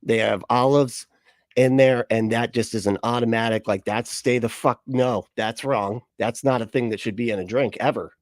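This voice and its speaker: A man's voice: medium pitch, steady tone, moderate pace, no echo, clean studio sound. A man in his thirties hosting a reaction video, rambling in casual commentary with lots of swearing and restarts. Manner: rambling, profane, frequent restarts and laughs.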